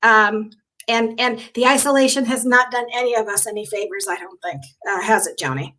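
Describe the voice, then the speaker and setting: A woman hosting a live online show over a video call, excitable and emotional, greeting viewers by name. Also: fairly high pitch, a little fast. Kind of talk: casual live-stream hosting.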